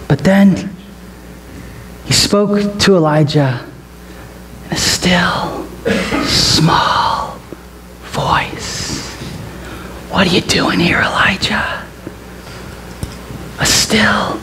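A male pastor preaching a sermon, telling a story in an animated way. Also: high-pitched, a little hiss or hum.

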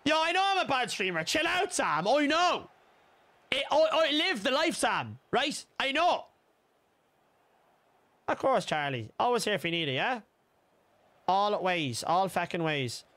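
Brief: young Irish man, high and bright, chatty gaming streamer, swears, yells at big moments. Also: big pitch swings, measured pace, pauses often. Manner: chatty, swears freely, reads out chat names, shouts at goals. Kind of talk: casual live-stream chat and game commentary.

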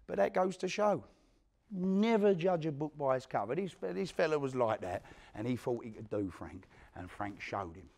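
Playing an aging East London career criminal, an actor tells a prison tale in a solo stage monologue, accent and all. Expressive and moderately paced, with vocal fry, he shifts from loud quoted lines to a low hush as he tells the story.

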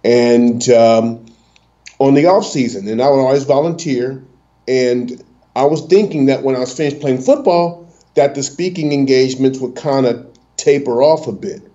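A middle-aged man with a lifelong stutter, telling his story as a motivational speaker guest, with halting restarts. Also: mid-range voice, dark tone. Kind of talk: storytelling interview answer. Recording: dull lo-fi audio.

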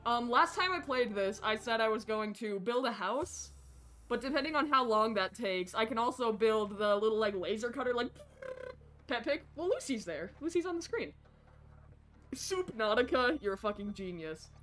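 An American woman streaming a video game with casual, excitable and profane commentary that often rambles. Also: on the high side, normal speed.

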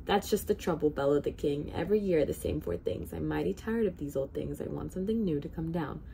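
A woman's voice: sits low, fairly quick, vocal fry, warm tone, slight background noise. A woman reading aloud, voicing an angry, demanding old king who bellows his commands. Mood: irritable.

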